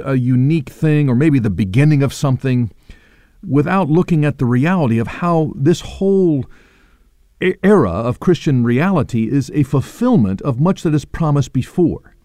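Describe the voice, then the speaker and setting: A man teaches scripture on his radio hour in a mellow, unhurried voice. His pitch moves a great deal as he thinks aloud, with small restarts. The sound is dry and close. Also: no echo. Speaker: radio Bible teacher and host.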